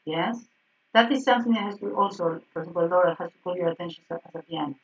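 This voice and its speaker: A woman piano teacher explaining harmony exercises in an online group lesson, checking in with frequent "yes?" and soft laughs. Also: on the low side, racing. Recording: slightly dull, distant online call audio.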